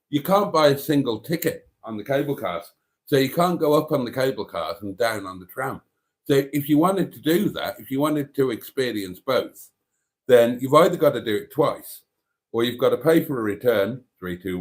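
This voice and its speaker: A middle-aged man hosting a casual live stream, reading out viewer comments and chatting in an animated, dramatic way that includes some swearing. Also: moderate pace. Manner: animated, dramatic, swears freely, lively pitch swings.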